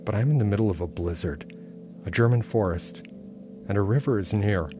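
A man, the author, reading aloud from his own novel in a measured, intense first-person narration. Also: on the low side, animated, music in the background. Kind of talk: literary reading.

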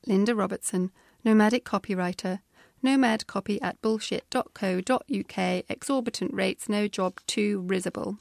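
A woman's voice: mid-range voice, moderate pace, creaky, no room sound. A woman with a British accent reading her own memoir aloud with wry, dry humor. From Britain. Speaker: author.

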